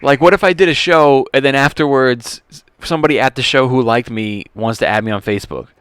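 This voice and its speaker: Smooth-voiced easygoing male podcast host. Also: medium pitch, a bit bright, dry recording, studio quality. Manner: easygoing, agreeable, quick back-channel replies. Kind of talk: casual podcast chat.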